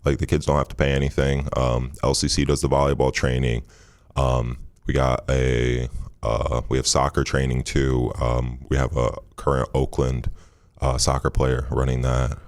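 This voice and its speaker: A man with an extremely low, flat voice tells his story in a loose, rambling way, full of "um"s and restarts. He sounds like a former athlete in his thirties from Michigan. The recording is close and dry. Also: dry recording. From Michigan, USA. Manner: relaxed, rambling, frequent fillers and restarts. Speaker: interview guest, former basketball player. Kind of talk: casual storytelling interview.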